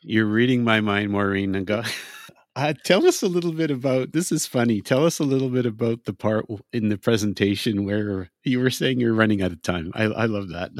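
A man's voice: fairly low pitch, a little fast, no room sound, clean studio sound. A man hosting a podcast interview, encouraging and laughing along with his guest. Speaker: podcast host. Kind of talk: conversational interview.

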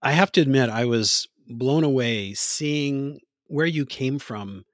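A man's voice: mid-range voice, slow pace, dry recording, studio quality. A man interviewing a guest, asking prepared questions with enthusiasm and drawing on her profile. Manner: enthusiastic, reads background from profile.

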